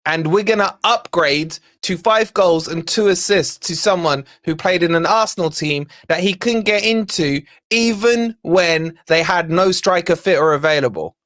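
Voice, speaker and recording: A young man hosting a football watch-along stream, talking in a fairly high voice. He rants and grumbles in exasperation while answering his chat. The sound is dry and close, with no room around it. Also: moderate pace, hardly any pauses, fairly bright tone, dry recording. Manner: ranting, exasperated, reacting to live chat. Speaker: fan channel host.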